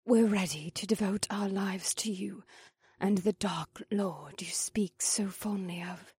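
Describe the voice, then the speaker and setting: A man doing a soft-spoken gentle young woman. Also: steady tone, slow pace, no room sound, exaggerated voice. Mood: whispering. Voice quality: hushed falsetto.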